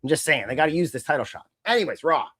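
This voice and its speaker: Animated man with dry close sound. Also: fairly high pitch, very fast, no room sound. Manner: animated, acts out wrestlers' lines in mimicking voices. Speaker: podcast co-host. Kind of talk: casual wrestling chat.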